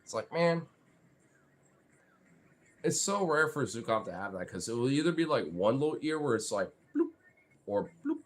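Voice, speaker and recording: A young man rambles casually to his dogs, swearing freely and filling his talk with "like" and "you know". His voice sits at a middle pitch but swings up and down a lot. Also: very animated, normal speed, long pauses. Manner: rambling, profane, full of fillers. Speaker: vlogger.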